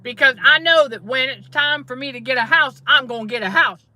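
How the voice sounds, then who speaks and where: Speaking briskly in a high, sharp-toned voice, a middle-aged woman testifies to her audience during a casual livestream sermon, repeating points for emphasis. She is a faith-based trauma coach and channel host.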